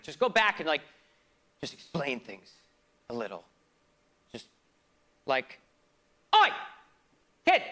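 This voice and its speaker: A male stage performer with a medium-pitched voice delivers a theatrical comic monologue. He lurches between loud outbursts and hushed asides, all in a mock-grand, philosophical style.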